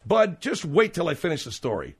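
Brash middle-aged radio host guy, kinda high voice, snaps at his crew. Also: huge pitch swings, a little fast, a little hiss or hum. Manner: brash, irritable, cynical. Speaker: radio talk show host. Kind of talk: talk radio banter.

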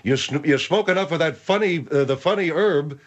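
Man doing a fussy older guy who grumbles, slightly high voice, muffled lo-fi audio. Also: fairly quick, lightly acted. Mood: grumbling. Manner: fussy, old-fashioned grumbling. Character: grumpy older man called the General.

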